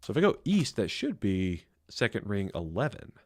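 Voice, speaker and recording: A man's voice: lowish voice, wildly swooping pitch, normal speed, background noise. A man streaming a game live, rambling and thinking aloud with lots of fillers and chatty, self-deprecating asides to viewers. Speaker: gaming streamer. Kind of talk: live gameplay commentary. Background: faint game music.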